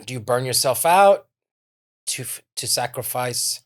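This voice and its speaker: A man's voice: mid-range voice, expressive, measured pace. A man co-hosting a casual podcast, joking around and asking leading questions. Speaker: podcast co-host. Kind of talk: casual chat.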